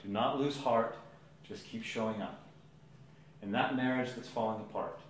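Animated pastor, roomy church sound. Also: male voice, on the low side, normal speed, long pauses, a little hiss or hum. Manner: animated storytelling, big swings from hushed to loud. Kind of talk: sermon.

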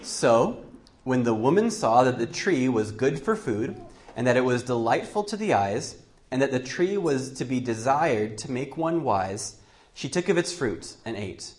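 A man's voice: medium pitch, expressive, unhurried, a little mellow. A male preacher giving a Bible teaching sermon, thinking aloud with frequent restarts. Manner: thoughtful, with frequent restarts and fillers.

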